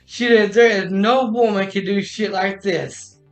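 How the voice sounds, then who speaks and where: A man's voice: high voice, fairly even intonation, measured pace. A man streaming from home, casually retelling a story with many restarts and quoted dialogue. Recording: echoey room with music behind.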